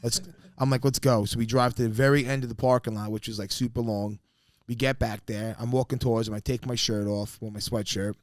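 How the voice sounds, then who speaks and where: Brisk and lowish in pitch, a male podcast co-host spins a swear-heavy, lively yarn, voicing each quote dramatically. There's no room sound at all.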